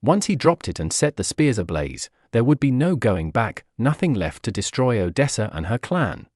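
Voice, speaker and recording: A man narrates a fanfiction story as an audiobook, reading dramatically and expressively. His pitch moves freely across a lively range. The voice is dry and close, with no room sound. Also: moderate pace, no room sound.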